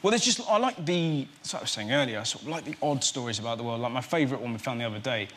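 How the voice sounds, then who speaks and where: A young man who is a comedian guest on a talk show, telling lively anecdotes and dipping into put-on voices. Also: medium pitch, very fast, slight background noise.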